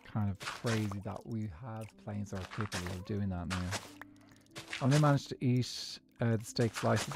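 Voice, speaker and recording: A man's voice: on the low side, creaky. Chatty south Dublin man streaming. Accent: Dublin (south side, posher). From Ireland. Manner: rambling, chatty, with many fillers and restarts. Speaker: gaming streamer. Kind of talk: casual chat while playing a game.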